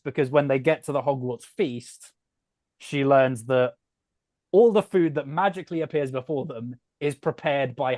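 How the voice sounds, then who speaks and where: A man patiently walks through a story recap in a casual podcast chat. His voice sits in a middle pitch and sounds dry and close, with no room around it. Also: a little mellow, no echo. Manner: explanatory, patient. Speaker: podcast co-host.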